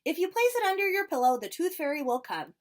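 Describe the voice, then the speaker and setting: Brief: reassuring mother pig, gentle and explaining, read by a man in drag. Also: extremely high pitch, very animated, quick pace, pitched above the performer's own voice.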